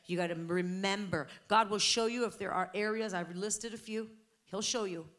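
Brief: middle-aged woman pastor, fervent sermon delivery, mid-pitched voice that climbs when she presses a point. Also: steady tone, normal speed, a bit bright. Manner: preaching with rising, emphatic intensity.

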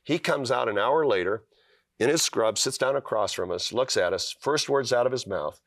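A man's voice: mid-range voice, lively intonation, normal speed, a bit bright, no echo, studio quality. A middle-aged man, a guest author, telling a personal story in an earnest way on a talk show, with fillers and restarts.

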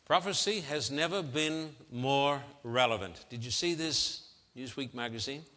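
A male preacher opens a sermon in a slow, measured way, stressing and repeating numbers for effect. His tone is bright and forceful, and his words ring out with the long reverb of a large hall. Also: mid-range voice. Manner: emphatic, repeats figures for effect.

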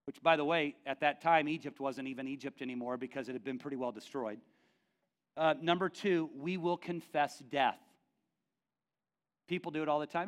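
A man pastor preaching a sermon in an animated, joking way. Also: on the high side, moderate pace.

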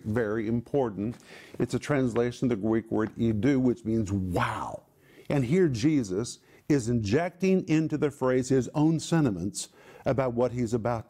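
A man hosting a ministry broadcast, teaching the Bible in an emphatic way and slowing down to stress key words. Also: medium pitch, mellow.

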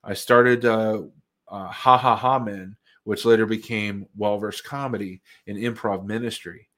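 A man's voice: lowish voice, fairly even intonation, measured pace, a bit bright. A man, a Christian comedian, giving an earnest, reflective personal testimony with frequent fillers and restarts.

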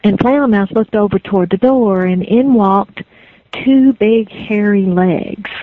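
A woman's voice: mid-range voice, unhurried, dry recording. Folksy woman storyteller on a thin line. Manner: rhythmic, repetitive, folksy. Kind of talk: oral folk storytelling. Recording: dry, phone-like lo-fi recording.

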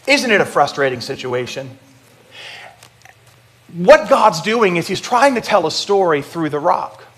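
A man's voice: sits high, sing-song, a little slow, fairly bright tone, breathy edge. Man preaching in a conversational sermon. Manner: conversational preaching with audience prompts. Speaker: pastor.

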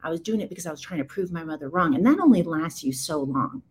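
A woman's voice: deep voice, expressive, fast, slight background noise, low-quality recording. A woman in her forties giving a candid, impassioned account in conversation, speaking emphatically in rising bursts. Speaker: guest.

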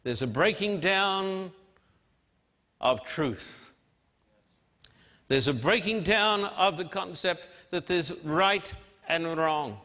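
A man preaching a sermon with emphatic, measured delivery and dramatic pauses. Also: sits high, bright, forceful tone. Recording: long hall reverb.

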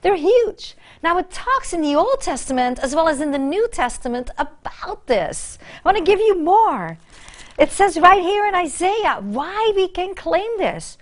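Fervent high-voiced woman preaching. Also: sing-song, unhurried. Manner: fervent, emphatic repetition, swings from soft to loud. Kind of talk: sermon.

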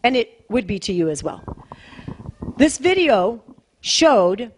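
A woman pastor delivers a sermon to her congregation in a notably high voice. She talks in an easy, conversational way but leans hard on each point, repeating key phrases again and again. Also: very animated, slow, a little hiss or hum. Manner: emphatic and repetitive, conversational preaching.

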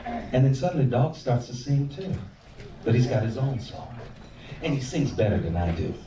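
Crowd noise surrounds an animated stand-up comic from the American South as he tells stories on a club stage, performing voices and singing bits. He has a mid-range voice at normal speed, recorded at a distance with roomy club sound.

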